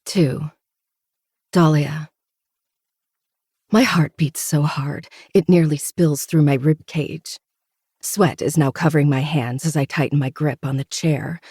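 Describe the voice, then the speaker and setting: Brief: host narrating a novel, mellow dark tone, steady intimate delivery. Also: mid-range voice, slow pace, long pauses, husky, no echo, studio quality. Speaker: podcast host reading a novel. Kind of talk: first-person audiobook narration.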